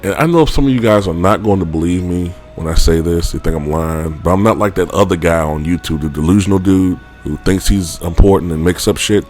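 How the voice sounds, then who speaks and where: A man's voice: low voice, brisk, few pauses, darkish tone, soft background music. A man vlogger telling a personal story in a rambling, casual way, full of fillers and offhand swearing.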